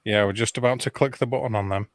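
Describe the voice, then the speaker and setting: A man's voice: fairly low pitch, steady tone, fast talker, no echo. Easygoing man with short, dry replies. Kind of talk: casual chat.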